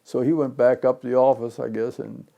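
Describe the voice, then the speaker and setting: Gravelly old man in his nineties. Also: mid-range voice, a little fast, dull audio. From Chicago. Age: 90s. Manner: rambling, animated, acts out quoted voices. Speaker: interviewee, retired pinball designer. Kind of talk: reminiscing storytelling.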